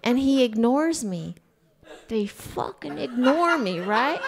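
A woman's voice: high voice, animated, slow pace, noisy background. A middle-aged woman doing a stand-up comedy set, telling brash, profane stories. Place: comedy club stage.

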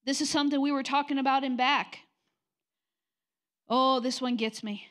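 High pitched woman preacher, middle aged, calling folks out in church, direct and punchy. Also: fairly even intonation, normal speed, pauses often, a bit bright. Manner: direct, confrontational preaching with mocking quoted voices. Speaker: pastor. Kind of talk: sermon. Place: church sanctuary.

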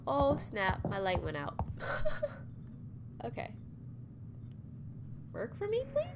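A woman's voice: on the high side, pushed and bright, a little hiss or hum. A young woman hosting a gameplay video in a playful, giggly, reactive way. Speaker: gameplay host. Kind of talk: casual game commentary.

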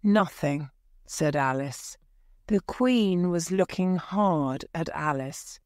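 A woman teacher reading a graded story aloud for English learners, clear and careful. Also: fairly low pitch, takes it slowly, a little mellow, dry recording, studio quality. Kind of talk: slow scripted story narration for learners.

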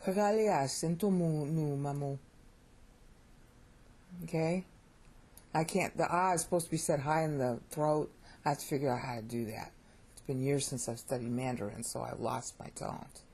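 A middle-aged American woman with a low, husky voice teaches Bible Greek in a chatty, animated way. Her tone is warm and mellow, and it jumps up whenever something excites her. She keeps asking her viewers "okay?" and pokes fun at her own pronunciation. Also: a little fast. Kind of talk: casual video lesson.

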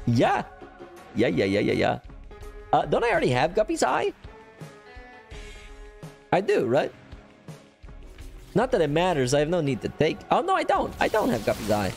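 An excitable man calling out his gameplay live, his voice leaping from shrieking highs to low grumbles with extreme swings in pitch. He teases himself in playful chatter, and faint game music plays underneath. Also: moderate pace, vocal fry, pauses often. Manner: hyper and excitable, jumping from squeals to low mutters; playful self-teasing chatter. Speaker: gaming channel host. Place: at home with a cat on his lap.

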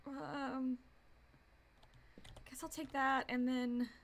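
A woman's voice: high voice, little pitch movement, very slow. A woman streaming a horror game, commenting live in a jumpy, easily startled way, gasping and swearing.

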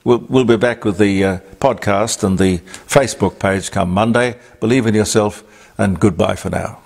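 A man's voice: on the low side, normal speed, gravelly, a little mellow. An older man with an Australian accent hosting a talk show, reading on-this-day items with rambling asides and fillers. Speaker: radio talk host. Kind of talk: casual on-this-day segment.

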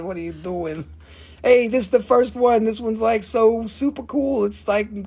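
A high-voiced man hosts a live rock sale with a gravelly, husky edge. He talks excitedly, jokes with his viewers and swears freely. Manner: profane, excitable, joking with viewers. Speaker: live sale host selling minerals. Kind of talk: excited live-stream sales patter.

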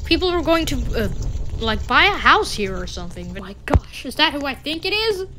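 A woman giving playful gameplay commentary, excitable, with sudden squealing exclamations. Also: high-pitched, brisk, slight background noise, poor audio.

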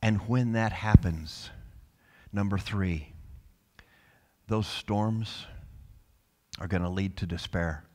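A male pastor preaching a sermon with passion, dropping to soft tones and then rising to loud calls. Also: fairly low pitch, slow pace, pauses often, long reverb tail. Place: church sanctuary.

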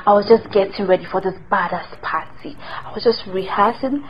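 A woman's voice: medium pitch, normal speed, highs cut off, noisy background, natural voice. An actress playing a defiant, mocking wife, who answers her husband's accusations sarcastically and laughs often. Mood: flirty.

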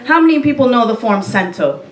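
A woman's voice: on the high side, expressive, brisk, a little hiss or hum. A woman poet casually talking to an audience in a playful, teasing, profane way. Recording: echoey room from far off.

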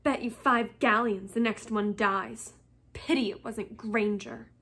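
A woman reading aloud, voicing a smug, sneering rich schoolboy who taunts loudly and slyly. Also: medium pitch, steady tone, a little slow. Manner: taunting, loud and sly.

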